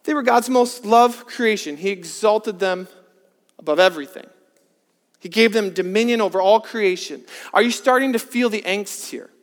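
A man with a strikingly high voice delivers an earnest sermon. He drops to hushed, slow emphasis, then presses with emphatic rhetorical questions. His voice rings out with a long reverb in a large church hall. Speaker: preacher.

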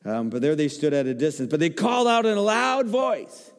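Animated joking preacher in a reverberant hall. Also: male voice, fairly high pitch, brisk. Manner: animated, joking storyteller, acts out voices. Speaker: guest preacher. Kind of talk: sermon. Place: church sanctuary.

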